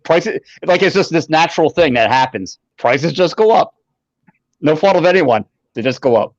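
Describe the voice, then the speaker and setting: A man's voice: fairly high pitch, expressive, normal speed, no room sound. Man on a dull, dry lo-fi mic. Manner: repeats words when starting sentences. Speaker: podcast co-host. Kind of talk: casual podcast chat.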